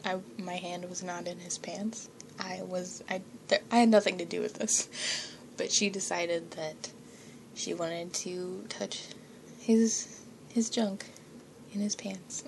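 A woman's voice: medium pitch, a little mellow, a little hiss or hum. A young woman chatting casually to her listeners, rambling and giggly, often dropping to a whisper and swearing now and then. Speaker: audio creator.

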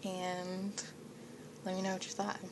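A woman's voice: fairly low pitch, monotone, measured pace, a little mellow, slight background noise. A young woman chatting casually to her listeners, rambling and giggly, often dropping to a whisper and swearing now and then. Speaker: audio creator.

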